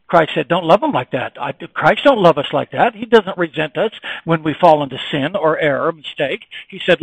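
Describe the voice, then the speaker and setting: A man preaching a sermon, emphatic and repetitive, swinging between quiet reflection and raised, insistent passages. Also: a little high, animated, moderate pace, vocal fry, few pauses, slightly rough, no echo, low-quality recording.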